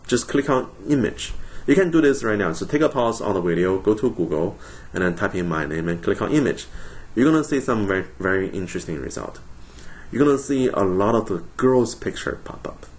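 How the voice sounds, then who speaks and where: Low-voiced male instructor. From China. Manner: friendly, jokey, frequent ums and self-corrections. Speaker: college instructor. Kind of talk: recorded course introduction video.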